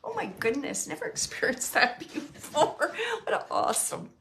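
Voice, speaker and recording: A woman working as a medium, giving a spontaneous spirit reading in a soft, tender, halting way as she searches for words. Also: high-pitched, very animated, vocal fry, slight background noise. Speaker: psychic medium.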